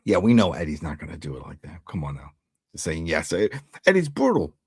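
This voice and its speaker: A man talks through a TV episode in a loose, conversational way, his low voice swinging widely as he puts on quick versions of the characters' lines. The sound is dry and close, with no room around it. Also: husky, dry recording. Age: adult who was once an altar boy. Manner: animated, acts out character lines in quotes. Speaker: TV recap host. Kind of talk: casual recap commentary.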